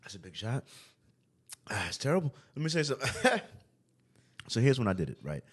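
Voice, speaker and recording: A man hosting a casual podcast and explaining a drinking game, relaxed, laughing often and often asking "you know what I mean". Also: medium pitch, brisk, slightly rough. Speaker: podcast host.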